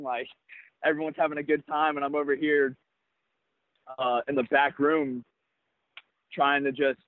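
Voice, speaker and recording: A young man, a baseball prospect, telling his story in an interview in a halting way, with many restarts. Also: medium pitch, no echo. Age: young adult. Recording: tinny phone-line sound, dry.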